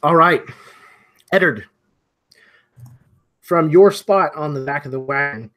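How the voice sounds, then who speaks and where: A man's voice: on the high side, expressive, slow pace, bright, forceful tone. Guy dm-ing a tabletop game, rambly descriptive narration, lots of kind of and like. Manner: loose, descriptive, filler-heavy. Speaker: dungeon master.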